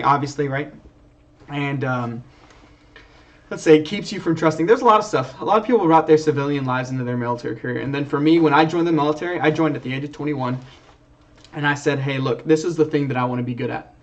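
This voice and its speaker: A young man, an Air Force sergeant, talking earnestly on a livestream and rambling with restarts and fillers, heard from a distance through a muffled mic. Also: mid-range voice. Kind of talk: livestream talk. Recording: distant, dull lo-fi stream audio.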